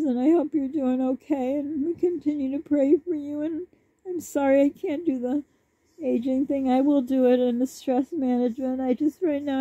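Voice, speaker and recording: A woman's voice: high voice, dark tone, no room sound. A woman vlogger talking to her viewers in a rambling, apologetic way. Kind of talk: casual chat to camera. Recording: dull lo-fi dry recording.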